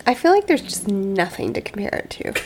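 A woman's voice: medium pitch, sing-song, fairly quick, darkish tone, a little hiss or hum. A woman co-hosting a podcast in casual chat, playful and teasing, with dramatic little asides. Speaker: podcast co-host.

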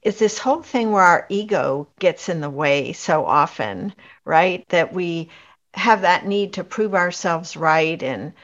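A woman's voice: lowish voice, animated, a little slow, a bit bright. A woman hosting a podcast interview, affirming and reflective as she responds to her guest. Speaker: podcast host. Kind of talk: interview conversation. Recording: slightly dull lo-fi sound.

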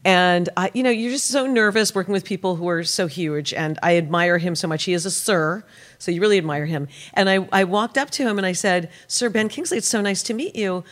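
A woman's voice: on the low side, brisk. Laughing, chatty woman host. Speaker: podcast host. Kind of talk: casual interview chat.

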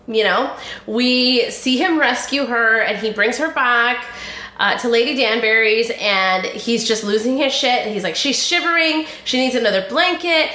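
A young woman hosting a podcast, chatting casually and gushing in an animated way, with a lot of "like". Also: medium pitch, reverberant. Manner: gushing and animated, says "like" often. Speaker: podcast host recapping a TV series. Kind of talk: casual chat.

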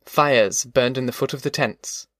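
A man reading a novel aloud in measured, descriptive narration. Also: medium pitch, a bit bright, no room sound, studio quality. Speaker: audiobook narrator. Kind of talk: scripted narration.

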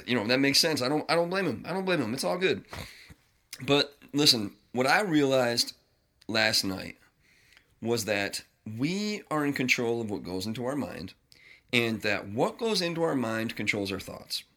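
A man's voice: medium pitch, big pitch swings, measured pace, vocal fry, bright, forceful tone. A man hosting a podcast, talking in a blunt, profane, rambling monologue. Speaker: podcast host. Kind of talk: casual ranting monologue.

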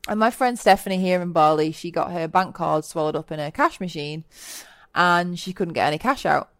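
A woman hosting a solo self-help podcast, talking earnestly and motivationally and acting out quoted moments with lively voices. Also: lowish voice, a little fast, no room sound, studio quality. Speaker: podcast host. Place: lives in Bali.

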